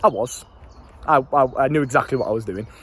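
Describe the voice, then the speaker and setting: Medium in pitch, a little bright and slightly rough, a young British man talks fast while casually spinning stories to camera. He's a life coach with a brash manner who curses freely, uses street slang, and cracks up at his own anecdotes.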